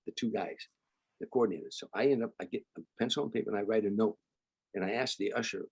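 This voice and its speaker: An older man from Chicago, a comedian guest, telling stories in an animated way and acting out the people he quotes. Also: fairly low pitch, husky, dry recording. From Chicago, United States. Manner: animated storyteller, acts out quoted voices. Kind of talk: storytelling interview.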